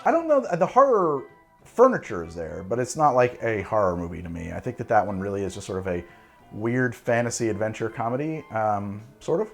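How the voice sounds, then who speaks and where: A man in his forties hosting a cocktail show, talking casually to camera in an animated, digressive and jokey way. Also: on the low side, a little fast, vocal fry, soft background music.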